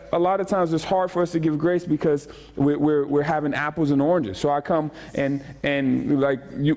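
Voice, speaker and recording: Quick bursts of speech, repeated phrases, and jokes fill this casual sermon from a male pastor in a church sanctuary. His voice is high for a man, and he animatedly calls out to the congregation throughout.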